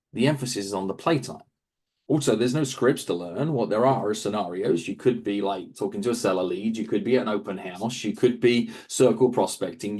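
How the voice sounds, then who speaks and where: A man, a real estate coach, answering interview questions in a lively coaching manner, briefly acting out quick asides. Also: lowish voice, husky. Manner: animated, acts out quick asides in other voices.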